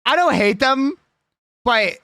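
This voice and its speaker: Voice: high voice, lively intonation, slow pace, bright, forceful tone, no room sound, studio quality. A young adult live streamer chatting casually and with strong opinions while reading a list aloud.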